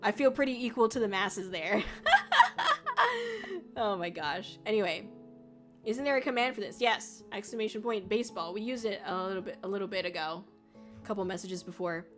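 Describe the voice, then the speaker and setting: A woman's voice: mid-range voice, a little fast. A woman VTuber chatting casually on a livestream, rambling with lots of fillers and the odd swear. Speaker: VTuber streamer. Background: faint music.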